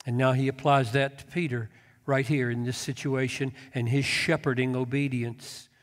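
A man's voice: mid-range voice, little pitch movement, moderate pace. A man preaching a sermon, emphatic, quoting scripture with rising intensity. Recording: long hall reverb.

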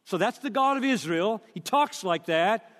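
An older man preaching a sermon, emphatic and deliberate, quoting scripture at length. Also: high-pitched, lively intonation, fairly bright tone, big-room sound.

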